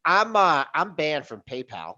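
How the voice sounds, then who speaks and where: A man's voice: a little high, very animated, unhurried, sharp tone, highs cut off. A man co-hosting a talk show, chatting offhand with dry jokes. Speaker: co-host of a trading talk show. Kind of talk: casual banter.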